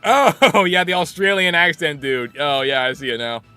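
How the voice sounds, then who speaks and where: A young man live-streaming a game, ranting sarcastically in a casual, animated way. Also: fairly high pitch, moderate pace, clean tone, soft background music. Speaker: gaming streamer.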